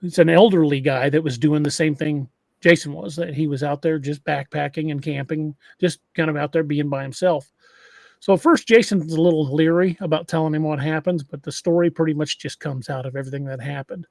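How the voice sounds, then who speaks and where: A man's voice: on the high side, fairly even intonation, fairly quick, gravelly, a little mellow, dry recording, studio quality. A man hosting a podcast, retelling an eerie encounter story in a casual way, often restarting phrases. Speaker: podcast host.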